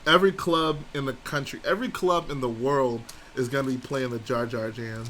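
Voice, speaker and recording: A man's voice: mid-range voice, normal speed, hardly any pauses, a bit bright, slight background noise. A man hosting a casual live stream, chatting and reading viewer comments aloud and answering them. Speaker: livestream host.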